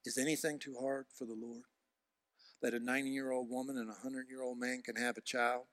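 Man preaching, impassioned, bright tense voice, swings loud to hushed, repetitive emphasis. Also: mid-range voice, level tone, brisk, no room sound. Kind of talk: sermon.

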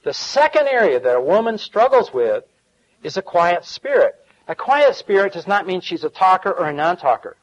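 Lively man preaching a folksy sermon. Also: high voice, normal speed, highs cut off. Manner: folksy preaching with asides and chuckles. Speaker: pastor.

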